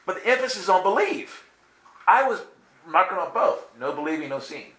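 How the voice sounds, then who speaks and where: A man tells a personal story with a bright, fairly high voice that swings widely in pitch. He acts out the voices in his tale and laughs often. The room around him is echoey, with faint ambience underneath. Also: very animated, fairly quick. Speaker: guest telling a testimony. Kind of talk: animated storytelling.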